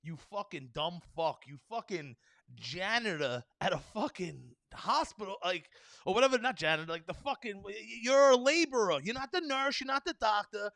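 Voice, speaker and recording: A man hosting a solo podcast, ranting in a rambling, profane stream full of fillers. His voice sits high and sounds bright and sharp. The recording is close and dry, with no room sound. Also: lively intonation, normal speed, vocal fry, no room sound. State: tired. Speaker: podcast host.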